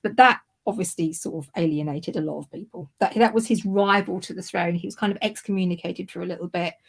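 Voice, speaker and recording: A woman's voice: on the low side, steady tone, quick pace, vocal fry. A woman co-hosting a history livestream, telling the story in a loose, rambling way, correcting herself and laughing at her own slips. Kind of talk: casual chat.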